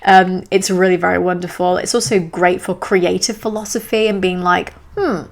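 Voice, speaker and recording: Woman podcast host, young adult, lower-middle pitch, enthusiastic and chatty with jokey asides. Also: level tone, normal speed, gravelly. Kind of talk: solo podcast monologue.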